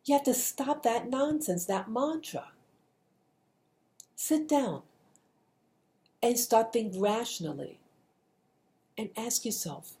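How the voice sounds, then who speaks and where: Earnest middle-aged woman, mellow voice. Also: a little high, animated, slow pace, long pauses. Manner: earnest, repetitive, with frequent restarts. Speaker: video blogger giving a motivational message. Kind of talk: casual spoken monologue.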